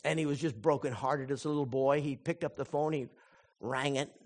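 A man preaching a sermon, telling a story in a lively way and turning soft and earnest when he draws the lesson. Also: mid-range voice, fairly quick. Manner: animated storyteller who acts out quoted voices; drops to a soft, earnest tone for the application. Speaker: pastor.

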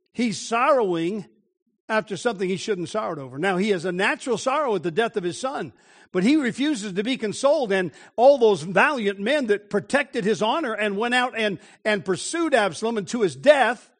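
A man preaching a morning sermon, telling scripture stories dramatically and slowing down to stress key words. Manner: dramatic storytelling, slowing and dropping low for emphasis.

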